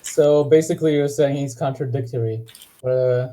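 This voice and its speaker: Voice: mid-range voice, normal speed, dark tone. A person on a voice chat, cracking jokes and teasing the others. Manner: joking, teasing banter. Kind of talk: casual voice chat.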